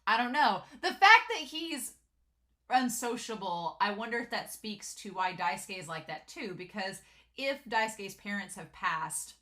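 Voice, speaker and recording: A woman chatting casually through an episode recap, full of "like" and quick asides. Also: medium pitch, lively intonation, sharp tone. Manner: chatty, giggly, lots of "like" and filler. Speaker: anime reviewer.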